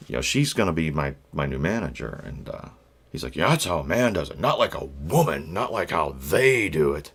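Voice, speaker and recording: A middle-aged man vlogging, telling a rambling personal story in a blunt, profane way with wry asides and lots of halting restarts. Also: rumbling low, very animated, fairly bright tone, slightly rough. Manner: halting, with many fillers and restarts.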